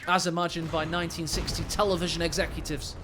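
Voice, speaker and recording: A man's voice: on the high side, little pitch movement, fast, noisy background. A man casting a strategy game, giving casual play-by-play commentary with cheeky joking asides. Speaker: game caster. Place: at home late at night.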